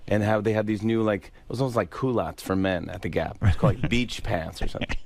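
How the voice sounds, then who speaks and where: A man's voice: on the low side, fast talker, gravelly, darkish tone, a little hiss or hum. A man, a comedian guest on a radio show, telling easygoing stories that slip into impressions. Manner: easygoing storytelling that slips into impressions. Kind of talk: casual radio interview.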